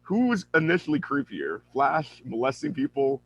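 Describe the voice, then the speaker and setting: A man co-hosting a casual podcast about a film, excitable and quick to laugh. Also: fairly high pitch, slightly rough, no room sound, muffled recording. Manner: excitable, laughing, mimics characters. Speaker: podcast co-host. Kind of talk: casual film review chat.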